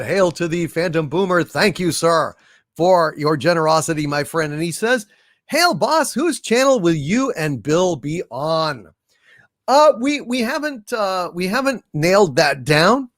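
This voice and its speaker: The livestream host here is a man whose voice sits high and a bit bright, captured in a dry, studio-quality recording. He goes through viewer messages casually, greeting donors with lavish hails and humming little fanfares.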